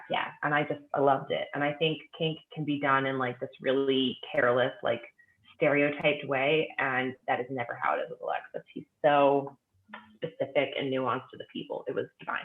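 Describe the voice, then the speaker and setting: A woman guest gushing enthusiastically about books in a casual chat, with lots of fillers. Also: extremely low pitch. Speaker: guest author. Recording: tinny remote phone line with echo.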